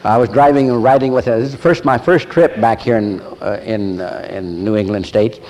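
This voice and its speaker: An older man preaching a sermon, telling a story with animated voices and laughter. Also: lowish voice, fairly quick. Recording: long echo of a large hall, faint ambience.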